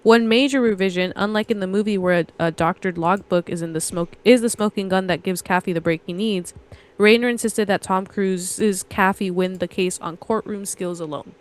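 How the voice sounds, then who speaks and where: Trivia gets read aloud and anecdotes spill out as this young adult woman co-hosts a casual movie podcast in a rambling, storytelling manner. She speaks at medium pitch and a moderate pace.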